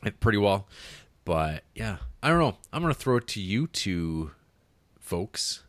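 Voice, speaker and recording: A man's voice: on the low side, sing-song, a little slow, a bit bright, no room sound. A man co-hosting a film podcast in casual chat, rambling with lots of fillers and restarts. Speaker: podcast co-host.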